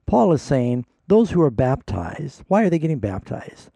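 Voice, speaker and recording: A pastor co-hosting a call-in Bible show, explaining verses patiently and reading them aloud with careful emphasis. His voice is gravelly and dark, recorded close and dry. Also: mid-range voice, big pitch swings, normal speed, few pauses, dry recording. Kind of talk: call-in radio Bible answers.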